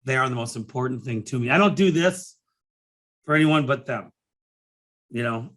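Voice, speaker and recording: Emotional rambling man with a bright voice. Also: mid-range voice, normal speed. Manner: rambling, emotional, many restarts and fillers; swears casually. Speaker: podcast host and business coach. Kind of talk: casual solo podcast monologue.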